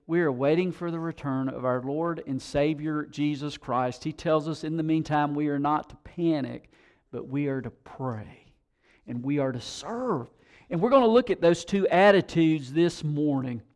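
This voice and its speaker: A male pastor preaching a sermon, telling stories with animated emphasis and rising intensity. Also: fairly high pitch.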